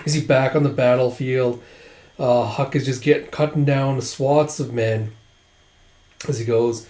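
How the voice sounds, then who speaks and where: A man's voice: mid-range voice, a little slow. A man casually recapping a story, acting out the lines with lots of "he's like.". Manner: animated, acts out quotes, frequent "he's like". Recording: roomy echo.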